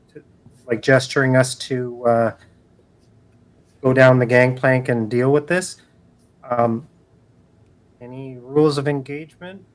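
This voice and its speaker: Slow, halting male player. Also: mid-range voice. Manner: halting, describes character actions. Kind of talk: casual tabletop play.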